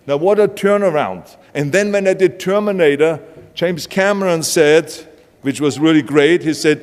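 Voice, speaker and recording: The voice is fairly high and darkish, at a moderate pace: an older Austrian man with a heavy Austrian German accent giving a keynote. His motivational speech is emphatic and full of punchy anecdotes, recorded live on stage in a large event hall with long reverb.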